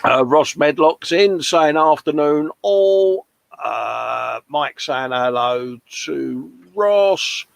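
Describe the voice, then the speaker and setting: A man's voice: on the high side, expressive, drawn-out words, creaky, no echo. A man hosting a casual livestream, reading out viewers' comments with chatty, matey banter. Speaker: livestream host.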